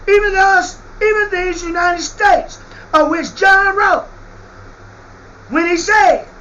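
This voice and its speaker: A man preaching a fiery sermon. He shouts out scripture and drops into slangy asides. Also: very high voice, a little hiss or hum, rough recording.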